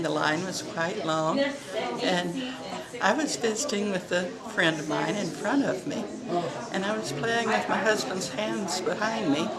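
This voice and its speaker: A married woman telling a funny personal story, amused and laughing at herself. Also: medium pitch. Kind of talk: casual storytelling. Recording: loud crowd behind.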